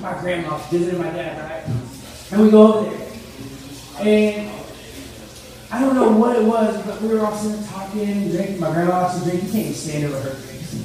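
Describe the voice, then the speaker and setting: A man's voice: high voice, brisk, mellow. A man in his thirties doing a rambling, profane stand-up set, laughing at his own jokes. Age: 30s. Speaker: stand-up comedian. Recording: echoey room, mic far off.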